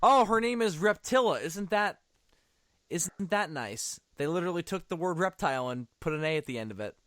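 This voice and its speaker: A man's voice: fairly high pitch, lively intonation, a little fast, a bit bright, dry recording, clean studio sound. A man giving casual, sarcastic commentary on a movie, swearing often.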